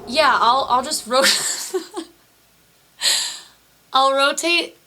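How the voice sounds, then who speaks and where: A woman with a high, pushed and bright voice speaks extremely slowly while live-streaming a game from her apartment. She chats casually, thinks out loud, laughs a lot, and swears freely. The recording is rough.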